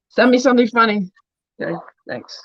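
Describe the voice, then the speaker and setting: A man's voice: very high voice, no room sound. A man chatting casually on a livestream, telling long rambling stories and swearing freely. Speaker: streamer. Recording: dull lo-fi dry sound.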